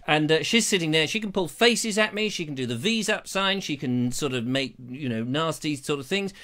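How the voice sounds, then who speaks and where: Guy rambling on a live stream, high lively voice, cracking jokes. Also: normal speed, few pauses. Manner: playful, jokey, puts on silly voices. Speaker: live show host. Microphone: lavalier.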